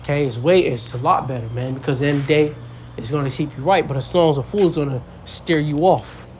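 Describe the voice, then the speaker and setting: A man's voice: fairly high pitch, fast, darkish tone, slight background noise. Young man preaching bluntly with profanity. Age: young adult. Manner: blunt, profane, mocks foolish people in voices. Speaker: street preacher. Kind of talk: casual profane scripture teaching.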